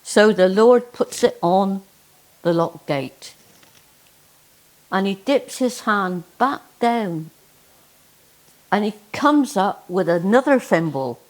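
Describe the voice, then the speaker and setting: Slow-spoken Cornish woman storyteller. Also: medium pitch. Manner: slow, emphatic folksy delivery. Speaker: dialect storyteller and poet. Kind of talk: comic storytelling performance.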